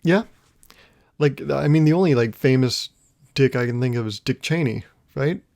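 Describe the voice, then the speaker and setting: Rambling young man with a gravelly voice. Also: mid-range voice, moderate pace, darkish tone. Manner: rambling, laughs at his own jokes. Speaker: podcast host. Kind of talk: casual solo comedic monologue.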